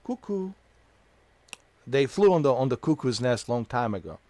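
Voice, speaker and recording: Crude, animated male game streamer. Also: medium pitch, a little fast. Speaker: gameplay streamer. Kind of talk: profane casual commentary.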